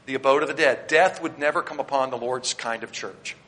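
A Baptist pastor preaching a sermon, swinging between loud declarations and quiet asides as he speaks straight to his congregation and points them to their notes. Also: mid-range voice, a little fast. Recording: long hall reverb.

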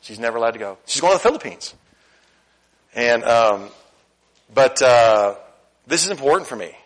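A middle-aged man preaching a sermon in a church, candid and animated, swinging between loud emphasis and quiet asides. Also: mid-range voice, normal speed, low-quality recording. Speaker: pastor. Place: church sanctuary.

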